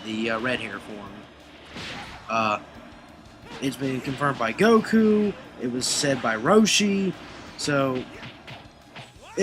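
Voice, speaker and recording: A man casually recapping anime episodes in a rambling way, full of fillers and restarts. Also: mid-range voice. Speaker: anime reviewer.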